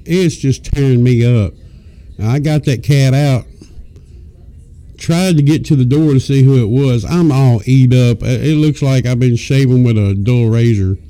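A man's voice: medium pitch, measured pace, mellow. A man hosting a talk show, telling rambling, crude comic stories into a studio mic. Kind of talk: casual comic storytelling. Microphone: studio microphone.

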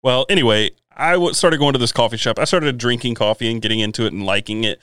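Young guy with a smooth clear voice, dry close sound, swears, tells stories on stream. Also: medium pitch, fast, no echo. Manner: animated, profane storyteller. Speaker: live stream co-host. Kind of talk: casual chat, storytelling.

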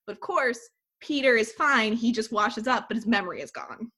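A woman's voice: on the high side, normal speed, breathy edge. A woman co-hosting a podcast, chatting casually and retelling a film's plot with lots of "like". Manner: animated storyteller, heavy use of "like". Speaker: podcast co-host.

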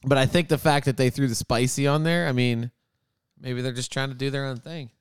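A man's voice: medium pitch, fairly even intonation, brisk, clean tone, no echo, clean studio sound. A man co-hosting a casual chat about beers, easygoing and reflective. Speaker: podcast co-host rating beers.

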